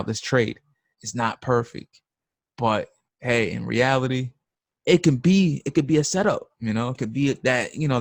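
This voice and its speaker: A young man ranting bluntly on a live trading stream, with a gravelly rasp in his mid-pitched voice. His slangy, emphatic talk sounds close and dry, with no room around it. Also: no room sound. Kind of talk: casual unscripted rant.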